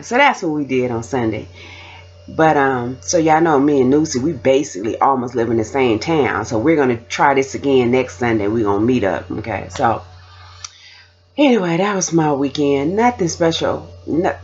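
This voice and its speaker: A woman's voice: extremely low pitch, lo-fi sound. A woman vlogger chatting casually and rambling to her camera.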